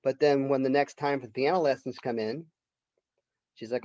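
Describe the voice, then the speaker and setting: Male literature professor, chatty lecture, mid-pitched voice, dry and dull-sounding recording. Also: steady tone, moderate pace, a little mellow, no echo. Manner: conversational storytelling, retelling the plot. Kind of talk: college lecture.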